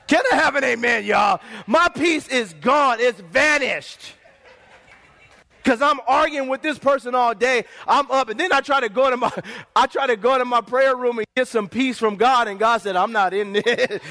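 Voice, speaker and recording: A middle-aged man preaches a sermon in a high, lively voice. He tells stories animatedly and keeps calling the congregation for an amen. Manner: animated storytelling preacher, calls for amens. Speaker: pastor.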